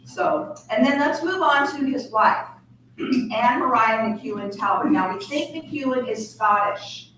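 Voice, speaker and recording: Brief: woman presenter, family reunion talk, heard from afar in a loud echoey hall. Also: on the high side, unhurried. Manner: chatty, asks the room questions. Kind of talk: casual family history talk. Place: large room at a family reunion. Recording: echoey hall from far off with noise.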